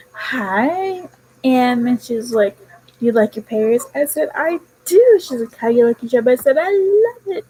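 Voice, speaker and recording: A woman's voice: a little high, warm tone, husky, low-quality recording. A young woman chatting casually on her vlog, telling a rambling story about her work. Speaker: vlogger. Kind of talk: casual chat.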